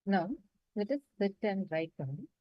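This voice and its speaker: A woman guides an online class through a writing exercise, step by step. Her voice sits at a middling pitch with a close, dry sound. She pauses to ask whether everyone is following. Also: animated, dry recording, muffled recording. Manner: patient, repeatedly checks the audience understands. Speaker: meditation session facilitator.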